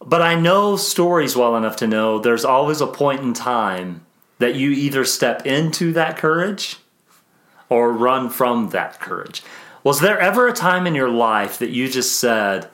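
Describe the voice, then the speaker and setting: A man of ordinary mid pitch hosts a podcast interview. He muses aloud, restarting and trailing phrases as he works toward his questions. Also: animated, a little slow. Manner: warm, musing, many restarts and trailing phrases. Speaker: podcast host. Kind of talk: conversational interview.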